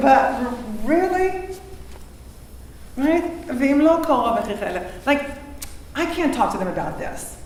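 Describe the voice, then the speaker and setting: A woman from Israel leading a lively, question-filled text study lecture as a rabbinic teacher, talking in quick bursts. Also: mid-range voice, slight background noise. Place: large synagogue hall. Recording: echoey hall, mic far off.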